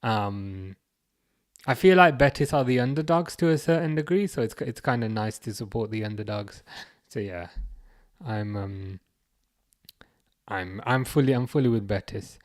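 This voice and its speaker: Chatty Birmingham man hosting a livestream. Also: lowish voice. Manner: halting, restarts often, chuckles, reads comments aloud. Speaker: livestream host reading chat. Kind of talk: casual livestream chat.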